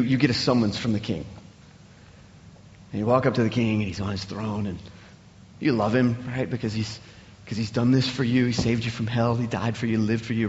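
A man preaching a sermon in an animated way, often repeating words as he builds up. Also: medium pitch, long reverb tail, muffled recording. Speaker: pastor.

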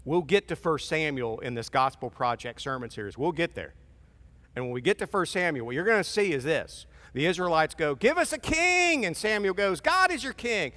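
A man's voice: fairly high pitch, lively intonation, a little fast, a bit bright. A pastor preaching a sermon in a casual, conversational way, acting out voices as he goes. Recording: long reverb of a large hall.

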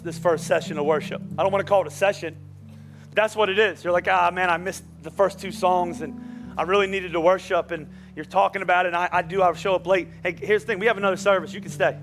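A middle-aged male pastor preaching a sermon in a church, swinging from quiet storytelling to shouting. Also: sits high. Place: church sanctuary.

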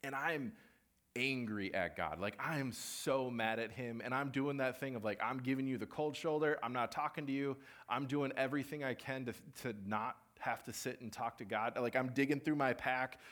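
A man's voice: medium pitch, moderate pace. A young man giving a sermon and telling a personal story in a conversational way, acting out what people said. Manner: conversational, animated storytelling with acted-out quotes. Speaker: preacher.

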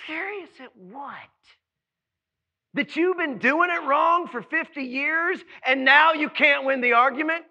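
A man preaching a sermon as pastor, telling the story in an animated way and swinging from hushed tones to shouting. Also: very high-pitched, moderate pace, gravelly, few pauses, highs cut off.

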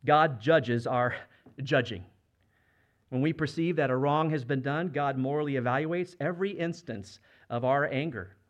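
A man's voice: medium pitch, moderate pace, lo-fi sound. A man preaching a sermon as a pastor, speaking conversationally and asking the congregation rhetorical questions. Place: church.

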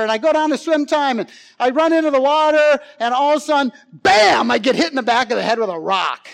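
A man preaching a sermon, telling a personal story with animation, swinging from loud excitement to quiet pleading. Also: very high-pitched, a little fast, vocal fry.

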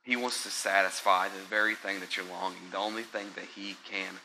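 A man preaching a conversational sermon, often checking in with the congregation and swinging between soft, slow passages and loud, excited ones. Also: low-pitched, slight background noise, low-quality recording. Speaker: pastor.

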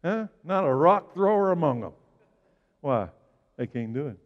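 A man preaching a sermon, swinging from loud exclamations to hushed, slow lines. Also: fairly high pitch, big pitch swings. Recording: dull sound with long hall reverb.

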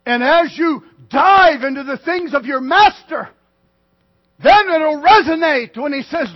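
A man preaching a sermon to a congregation, swinging from loud declarations to quiet asides. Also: very high-pitched, lively intonation, unhurried, muffled recording. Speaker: pastor.

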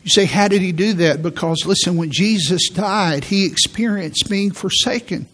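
A man giving a sermon as a pastor, preaching in a church with slow, emphatic delivery and repeated key words. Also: high-pitched, a bit bright. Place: church sanctuary.

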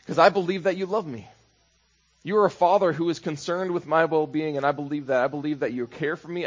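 A man's voice: on the high side, lo-fi sound. A man preaching a sermon as pastor, conversational, building into rhythmic repeated phrases.

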